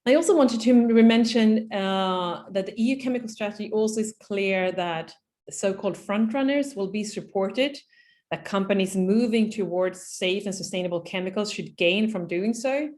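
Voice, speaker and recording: Woman presenter, mid-pitched, measured delivery with fillers, webinar talk. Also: a little mellow. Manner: measured, with frequent fillers and restarts. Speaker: policy speaker at a webinar. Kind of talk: presenting slides in an online webinar.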